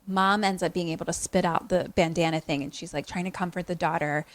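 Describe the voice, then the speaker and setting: A young woman casually recapping a horror movie for a podcast, animated and profane, acting out lines from the film. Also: on the low side, a little fast. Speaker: podcast co-host.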